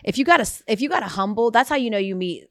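A woman's voice: a little high, racing, dry recording. Chatty American woman host, dry sound. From United States. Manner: animated storyteller, playful impressions. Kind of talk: casual chat.

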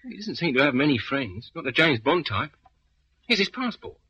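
A man's voice: fairly high pitch, very animated, normal speed, sharp tone, husky, lo-fi sound, exaggerated voice. An actor playing an eager young male detective's assistant in a vintage radio drama.

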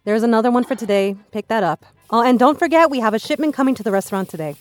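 An actress playing a bossy, overworked mother in an audio drama, scolding and nagging her daughter with exasperated sighs, over soft music. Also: fairly high pitch, lively intonation, fast talker, close to an everyday voice. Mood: urgent. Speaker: Lena's mother.

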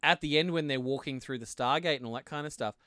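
A man's voice: medium pitch, quick pace, bright, forceful tone, dry recording, studio quality. A man co-hosting a podcast, chatting casually about a TV show, laughing often and restarting his sentences. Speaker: podcast co-host. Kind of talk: casual chat.

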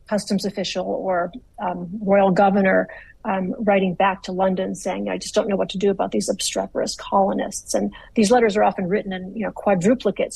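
A woman author gives careful, articulate answers, circling back and restarting her phrases as she thinks. Her voice is husky with a gravelly edge, and the recording is dry and close. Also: medium pitch, darkish tone, no room sound, poor audio. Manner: articulate, measured, with frequent restarts. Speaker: author, interview guest. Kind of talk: thoughtful interview answers.

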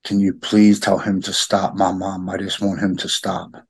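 Middle-aged man, podcast guest, rough husky low voice, halting heartfelt delivery. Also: completely flat delivery. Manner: halting, repeats words, heartfelt. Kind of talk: emotional personal conversation.

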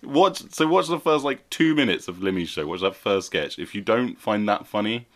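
A man's voice: on the low side, animated, moderate pace, a little hiss or hum. A man, chatting casually and laughing often as a podcast co-host. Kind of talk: casual chat.

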